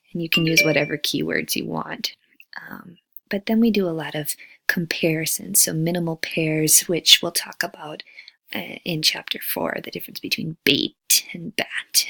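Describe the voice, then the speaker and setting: A woman teacher in a recorded lecture, drawing out vowel sounds one by one. She speaks slowly, with a lowish voice and a gravelly edge. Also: bright, forceful tone, dry recording. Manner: slow, deliberate, modeling vowel sounds.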